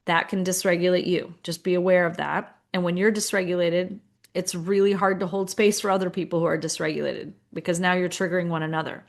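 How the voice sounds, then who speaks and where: A woman's voice: lowish voice, little pitch movement, fairly quick. A middle-aged woman coaching school leaders in a casual, conversational way, sometimes acting out the inner voices she describes. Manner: conversational, acts out inner voices, lots of fillers.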